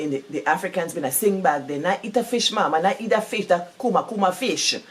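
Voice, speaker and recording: A woman with a Guyanese Creole accent, talking through a book in a casual, animated way and repeating words for emphasis. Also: mid-range voice. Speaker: book reviewer.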